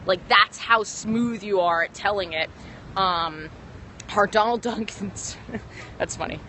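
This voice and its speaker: Rambling young woman comedian, bright voice. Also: mid-range voice, slow pace. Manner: rambling, full of ums and self-corrections. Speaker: stand-up comedian. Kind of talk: casual livestream chat. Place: outdoors on a city street. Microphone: phone held to stream. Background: faint street traffic.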